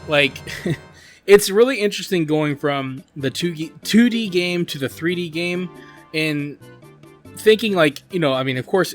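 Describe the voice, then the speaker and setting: Faint game music accompanies a man who narrates his gameplay for his channel in a casual, earnest, wandering way. He uses lots of "like" and "you know," and his voice is fairly high with a fairly bright tone.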